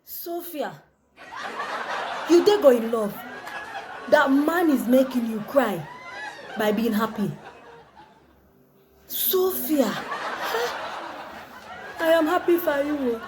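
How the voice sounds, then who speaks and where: A woman's voice: a little high, lively intonation, unhurried, pauses often, a crowd in the background, background noise. A Nigerian woman acting a jealous female friend who needles and doubts in a comedy skit. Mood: teasing. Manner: sceptical, needling, humming disapprovingly.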